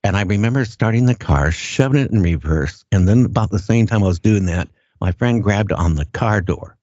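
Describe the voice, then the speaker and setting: An older man with a very low voice tells his story in a plain, earnest way. He stops and restarts, often repeating words as he goes. The sound is dull and lo-fi and very dry, with no room around it. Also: animated, moderate pace, darkish tone, dry recording. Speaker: guest recounting an encounter. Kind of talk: casual first-person storytelling.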